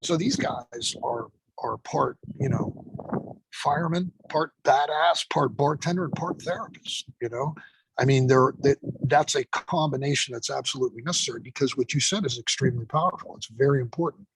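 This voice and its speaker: A man's voice: medium pitch, normal speed, gravelly, slight background noise, rough recording. A man, an instructor and guest, telling stories in a casual interview, emphatic and swearing freely.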